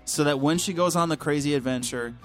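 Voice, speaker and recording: A man's voice: on the high side, brisk, faint music behind. Earnest, rambling man reviewing a film. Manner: earnest, rambling, hedging with fillers. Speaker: podcast co-host. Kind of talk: casual chat, movie review.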